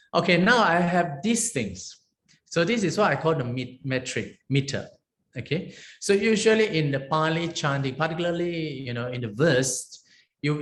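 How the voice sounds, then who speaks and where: A man, a Buddhist monk, teaching an online Pali lesson step by step, often checking in with "okay?" and "right?". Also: mid-range voice. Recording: roomy echo.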